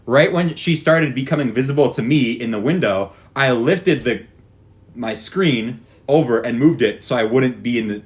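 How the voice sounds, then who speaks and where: A man's voice: medium pitch, moderate pace, breathy edge. A young man hosting a podcast, retelling a story in casual chat with rambling restarts. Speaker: podcast host.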